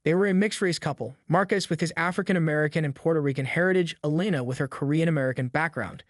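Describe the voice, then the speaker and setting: A man's voice: on the high side, fast, no room sound, studio quality. A man reading a dramatic story as a narrator in a scripted way.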